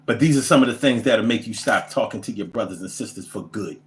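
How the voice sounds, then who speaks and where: A man, telling comic stories and reading viewer comments in a profane, animated, rambling way. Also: on the low side, fast, few pauses, reverberant. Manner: animated, profane, rants with repetition. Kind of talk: casual comedic storytelling.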